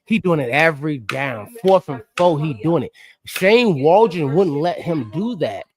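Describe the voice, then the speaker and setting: A man hosting a casual sports podcast, animated and emphatic as he talks. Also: fairly high pitch, unhurried. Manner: animated and emphatic, slips into impressions. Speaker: podcast host.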